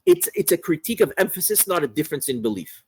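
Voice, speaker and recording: High-voiced man teaching theology. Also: wildly swooping pitch, quick pace, slight background noise, low-quality recording. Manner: repeats and restarts words while thinking aloud, varies emphasis. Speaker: religious teacher. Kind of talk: explaining a theology text in a class.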